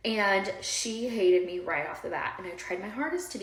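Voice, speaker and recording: At a moderate pace and medium pitch, a woman casually recounts her own past to her viewers. The telling is rambling and heartfelt, dotted with fillers and direct remarks to the audience, in a room with noticeable echo.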